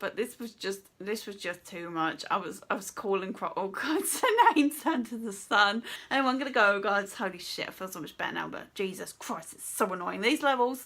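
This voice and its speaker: Brief: woman gaming vlogger, sweary exasperated rant, bright edgy tone. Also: fairly high pitch. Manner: exasperated, swears a lot, laughs often.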